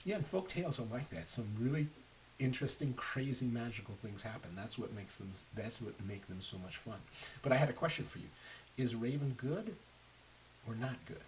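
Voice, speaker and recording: Animated man reading a story aloud. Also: mid-range voice, a little fast. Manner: animated, asks the listeners questions. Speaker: storyteller reading a picture book to children. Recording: faint hiss, a little distant from mic.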